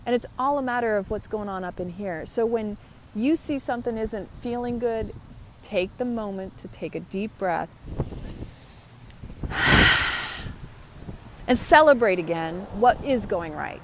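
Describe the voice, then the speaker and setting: A woman's voice: mid-range voice, expressive, unhurried, long pauses, a little hiss or hum. A woman talking to her viewers in a motivational vlog, upbeat and chatty. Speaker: vlogger. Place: outdoors.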